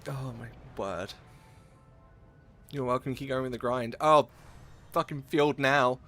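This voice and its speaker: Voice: mid-range voice, fairly even intonation, unhurried, sharp tone, soft background music. A game streamer, talking live in an effusive, exclaiming way and swearing freely.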